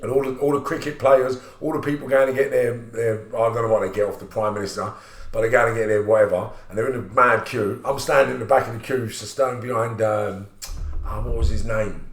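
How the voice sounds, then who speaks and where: Animated man telling a story. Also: mid-range voice, reverberant. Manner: animated, acts out voices in anecdotes. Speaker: podcast host. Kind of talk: storytelling in casual chat.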